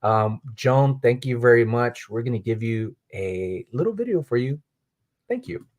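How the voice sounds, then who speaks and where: A man's voice: mid-range voice, animated, a little slow, darkish tone. Friendly man hosting a livestream. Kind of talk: casual livestream chat.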